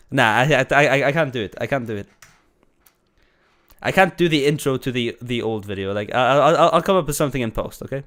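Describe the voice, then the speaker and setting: Slightly congested from a cold, a male streamer gives casual live commentary while reacting to videos, rambling loosely, restarting sentences, and laughing often. His smooth, resonant voice sits mid-range in pitch and sounds animated, a bit bright, and a little fast.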